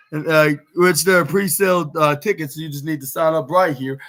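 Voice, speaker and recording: A young man hosting a podcast, recapping wrestling in a casual, halting way with many fillers and restarts. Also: fairly high pitch, bright, forceful tone. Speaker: podcast host.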